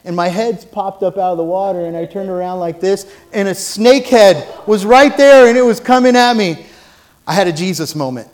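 High-voiced man preaching a lively sermon. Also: moderate pace. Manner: storytelling with humor, rising to loud preaching. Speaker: pastor. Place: church platform.

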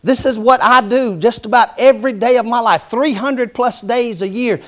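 A man preaching a sermon, moving from conversational storytelling to emphatic, loud preaching. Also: very high voice, moderate pace. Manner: preaching that builds to emphatic shouting. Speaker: traveling preacher.

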